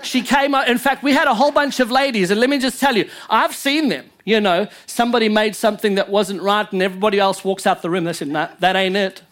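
A man's voice: high-pitched, fast, hardly any pauses, a bit bright. A male pastor preaching a sermon in church, emphatic and joking with his congregation.

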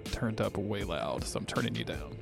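Animated man in casual podcast chat. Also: on the low side, normal speed, vocal fry, faint music behind. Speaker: podcast co-host.

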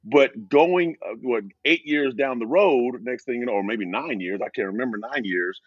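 A middle-aged former pro football player tells stories in a podcast interview, animatedly acting out quoted exchanges in a higher voice. He speaks at normal speed, with no echo, and the highs are cut off.

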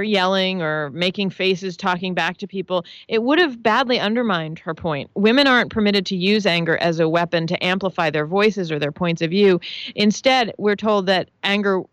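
A woman's voice: mid-range voice, a bit bright, no echo. A woman answering as an interview guest, analytical and earnest, building her points in lists. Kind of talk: radio-style interview answer.

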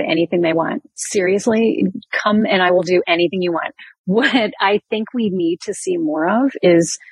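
A woman's voice: lowish voice, husky, no room sound. A woman in her fifties from the American Midwest, a veterinarian speaking frankly and laughing easily as a podcast guest. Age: 50s. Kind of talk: casual podcast interview.

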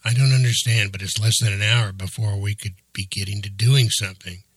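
Guy reading a crude grumpy slob who swears constantly, kinda husky and low, dry sound. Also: steady tone, fairly quick, fairly bright tone, no echo. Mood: grumbling. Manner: crude, grumbling, swears a lot. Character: crude, impatient young man always craving snacks.

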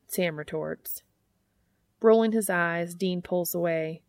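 A woman reading fan fiction aloud in a steady, unhurried audiobook narration. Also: lowish voice, gravelly, no room sound.

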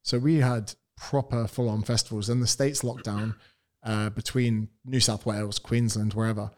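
A man's voice: lowish voice, fairly even intonation, normal speed, a little mellow. A man from England, a personal trainer guesting on a podcast, talking bluntly and with strong opinions. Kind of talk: casual interview chat.

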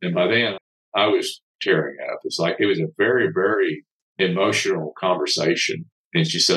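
A man's voice: deep voice, normal speed, a bit bright, rough recording. A man, a company founder appearing as a podcast guest, telling a heartfelt story in an earnest way. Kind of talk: storytelling in an interview.

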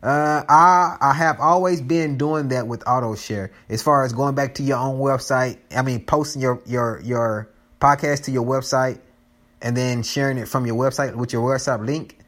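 A man's voice: medium pitch, normal speed, fairly bright tone. A man hosting his own podcast in casual chat, rambling and joking and often restarting his sentences. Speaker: podcast host.

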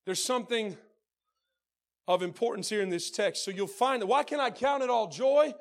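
High-voiced man preaching a sermon. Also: normal speed. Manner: swings from soft low passages to shouted high preaching; calls out to the congregation. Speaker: pastor.

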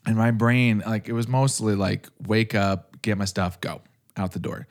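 A man's voice: lowish voice, fairly even intonation, moderate pace. A young man casually chatting as a podcast co-host, rambling with lots of fillers and frequent laughs. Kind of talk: casual chat.

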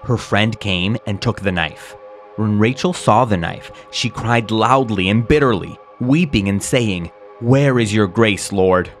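A man solemnly reading a historical chronicle aloud in a grave, measured, mournful way. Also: on the low side. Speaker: narrator. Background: faint music.

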